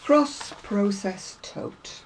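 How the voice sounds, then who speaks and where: A woman's voice: medium pitch, expressive, very slow, slight background noise, low-quality recording. A woman chatting casually to viewers about craft magazines, rambling and self-deprecating, a little unwell. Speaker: craft vlogger.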